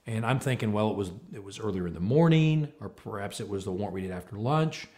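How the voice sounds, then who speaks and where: Speaking on leadership, a man tells a story with lively, animated delivery, acting out both sides of a conversation. His voice is lowish and he talks fast.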